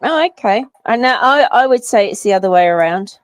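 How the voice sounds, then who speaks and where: A woman in casual chat, asking measured questions with fillers and self-corrections. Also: medium pitch, animated, no room sound.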